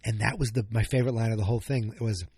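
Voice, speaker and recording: A man's voice: lowish voice, steady tone, rapid-fire, mellow, breathy edge, no room sound. A man hosting a casual solo podcast recap, thinking aloud with many fillers and self-corrections, sounding a bit tired. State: yawning, tired. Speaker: podcast host.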